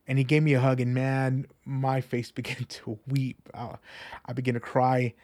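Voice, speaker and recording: A young man sharing a personal faith testimony in an earnest, animated, conversational way, often repeating himself. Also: medium pitch, a little fast. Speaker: church member sharing testimony.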